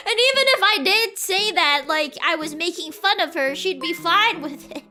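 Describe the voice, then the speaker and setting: Super high bright young woman streamer, rambly and giggly, chats over soft music. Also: animated, measured pace. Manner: rambling, laughing, insistent repeats. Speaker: streamer reading chat. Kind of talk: casual chat.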